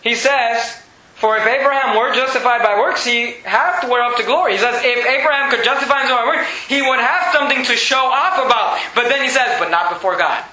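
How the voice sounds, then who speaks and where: A man preaching a sermon, reading scripture slowly and swinging from raised, emphatic lines to low, quiet ones. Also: echoey room, rough recording.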